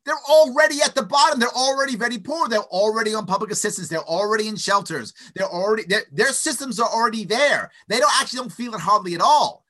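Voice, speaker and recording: A man talking as an interview guest, giving an opinionated, animated argument with stuttered restarts and frequent "right?" tags. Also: high-pitched, fast talker, few pauses. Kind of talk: opinionated conversational monologue.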